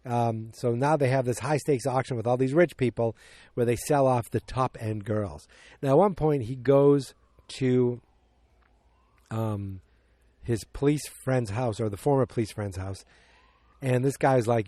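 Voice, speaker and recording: In a clean studio recording with no room sound, a podcast host with a mellow, mid-range voice recaps a movie casually. His delivery rambles and loses its place, and he acts out lines in quick voices.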